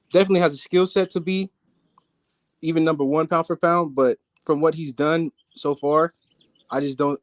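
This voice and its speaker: A man's voice: fairly high pitch, dry recording. A man calling in to a live boxing talk stream, giving his opinions hesitantly with many restarts. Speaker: caller. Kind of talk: casual debate call-in.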